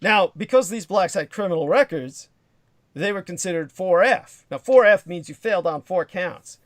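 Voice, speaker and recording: A man hosting a livestream, talking in a slightly high voice that sits dry and close to the mic. He rambles from one memory to the next, swears freely and stops to answer the chat. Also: expressive, moderate pace, no echo. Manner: digressive, profane, reads chat comments aloud. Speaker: livestream host. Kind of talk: rambling monologue storytelling.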